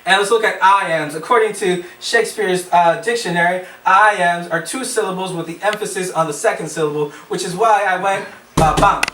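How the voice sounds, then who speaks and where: Guy with a high voice giving a speech, lots of uhs and restarts, echoey room, mic kinda far. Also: fairly bright tone, slight background noise. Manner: hesitant, many fillers and restarts. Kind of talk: classroom speech.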